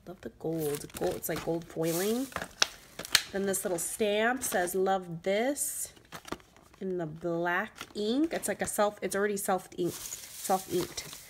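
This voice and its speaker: A woman vlogging from home, unboxing craft supplies in an excited, gushing way that is full of "like" and "oh my gosh.". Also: medium pitch, slow pace, background noise. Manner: gushing, says "like" and "oh my gosh" often.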